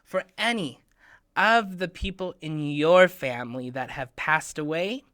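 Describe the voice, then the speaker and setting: A man hosting a children's program, talking straight to the kids in a playful way, sometimes dropping to a hushed half-whisper. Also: measured pace, no echo, clean studio sound. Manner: playful, bursts into excited high shouts. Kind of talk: talk to children.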